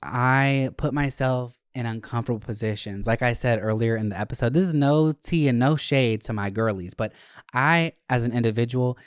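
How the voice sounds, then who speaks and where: A young man hosting a podcast, telling a casual story in a profane, animated, chatty way. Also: medium pitch, normal speed, clean tone, dry recording, studio quality. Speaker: podcast host.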